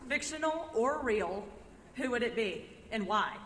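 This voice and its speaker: Nervous young woman fan, slow speech. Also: a little high, animated, a bit bright, a little hiss or hum. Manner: nervous, hesitant with ums. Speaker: fan asking a question. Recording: echoey hall.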